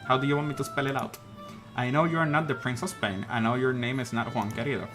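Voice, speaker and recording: A man's voice: medium pitch, fairly even intonation, fast, natural voice. Guy reading a stern bluffing bird lawyer, firm and bossy, music behind. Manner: firm, commanding. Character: bold male bird defense attorney, stern and bluffing. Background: game music.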